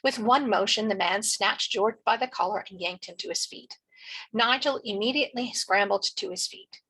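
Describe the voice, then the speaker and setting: A woman teacher reading a novel chapter aloud in a steady storytelling manner. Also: medium pitch, vocal fry, breathy edge, rough recording.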